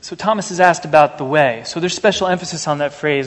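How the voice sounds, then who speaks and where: A man with a fairly high voice preaches an earnest, measured sermon to a congregation. His voice carries a long reverb, as if from a church sanctuary. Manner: earnest, measured, anecdotal asides. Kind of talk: sermon with scripture reading.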